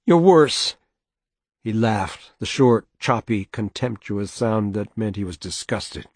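Husky-voiced man reading a novel aloud. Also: lowish voice, fairly even intonation, unhurried, a little mellow, dry recording. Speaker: audiobook narrator. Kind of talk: scripted narration.

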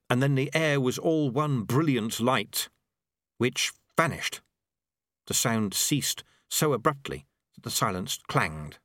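A man reading a novel aloud in measured, expressive scripted narration. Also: mid-range voice, no echo, studio quality. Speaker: audiobook narrator.

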